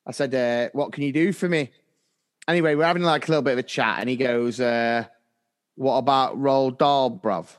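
A man's voice: mid-range voice, fast talker. A man co-hosting a casual teachers' podcast, telling stories and laughing often. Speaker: podcast co-host, primary school teacher. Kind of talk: casual chat.

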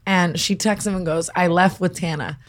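A woman's voice: lowish voice, fairly even intonation, moderate pace. A young woman hosting a podcast, chatting casually with blunt, teasing remarks and bursts of laughter. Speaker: podcast host.

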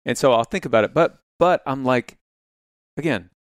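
A man in his thirties co-hosting a podcast, in casual chat, relaxed and jokey, with short reactions. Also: medium pitch, moderate pace, no echo, clean studio sound. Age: 30s. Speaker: podcast co-host.

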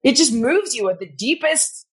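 A woman's voice: high voice, normal speed, breathy edge. A middle-aged woman telling stories as a guest in a casual interview, acting out quotes and swearing freely. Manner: animated storyteller, acts out quotes, swears freely, laughs often. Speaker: guest, fitness personality.

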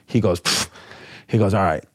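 A man, a comedian guest on a podcast, telling a story in quick, profane bursts and acting out the people he quotes. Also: low-pitched, a bit bright, husky. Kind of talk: animated storytelling.

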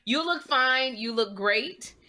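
A woman's voice: sits high, lively intonation, slow, sharp tone. A woman, teasing and encouraging a friend in casual chat.

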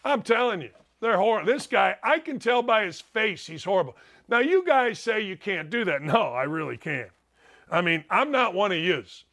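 A man's voice: high voice, big pitch swings, normal speed, fairly bright tone. An older man hosting a sports talk show, delivering a blunt, combative, ranting monologue.

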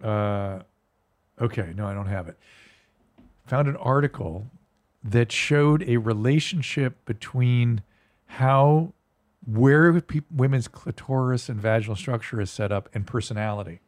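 A man's voice: mid-range voice, measured pace. A man who is a doctor, guest on a podcast, chatting casually in a wry, sarcastic way that trails off into sighs. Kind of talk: casual chat.

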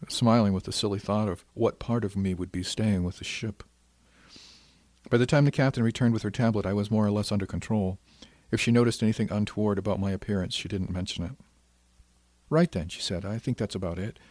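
A man reading a first-person science fiction story in a measured, reflective way. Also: lowish voice, steady tone, darkish tone, dry recording. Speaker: audiobook narrator. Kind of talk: scripted first-person narration.

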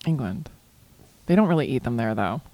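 A woman's voice: rumbling low, animated, moderate pace, mellow. A woman guest on a podcast, answering quiz questions in a flustered, exclaiming way. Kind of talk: casual chat.

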